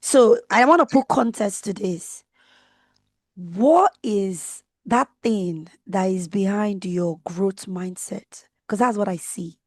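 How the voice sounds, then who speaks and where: A woman interviewing a guest, mostly giving short affirmations and asking gentle questions. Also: medium pitch, slow pace, no room sound. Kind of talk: conversational interview.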